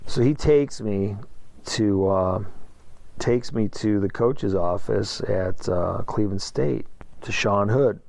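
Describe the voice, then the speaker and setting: Gravelly, rambling man telling a story. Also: lowish voice, slow pace, darkish tone. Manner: rambling, many fillers and restarts. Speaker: high school basketball coach, guest. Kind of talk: casual storytelling interview.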